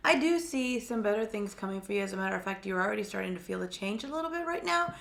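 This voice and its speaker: A woman co-hosting a live stream of psychic readings, speaking quietly and a little hesitantly because her throat is sore, often repeating words as she searches for her impressions. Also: medium pitch, animated, quick pace, vocal fry. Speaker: psychic reader, co-host.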